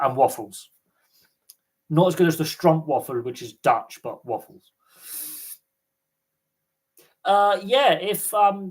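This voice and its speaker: British guy on a livestream q&a, casual rambly chat, lots of ums, average pitch. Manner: rambling, chatty, many fillers. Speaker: livestream host.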